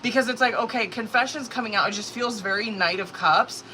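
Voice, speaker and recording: A woman reads tarot live on her stream, talking loose and profane with constant fillers. Her voice is bright and forceful. A faint room hiss sits under it. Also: a little high, brisk, poor audio. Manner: casual, profane, filler-heavy, anxious reactions. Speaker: tarot reader.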